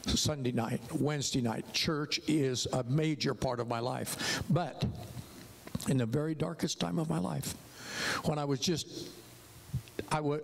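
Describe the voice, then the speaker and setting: An older man preaching a sermon testimony in an animated storytelling way, with his voice swinging high and low. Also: vocal fry.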